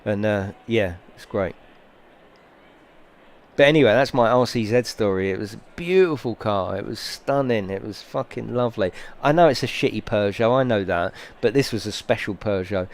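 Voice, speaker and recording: A middle-aged British man chatting casually on a sim racing stream, a rambling, sweary storyteller who grows heated. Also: mid-range voice. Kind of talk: casual live-stream chat.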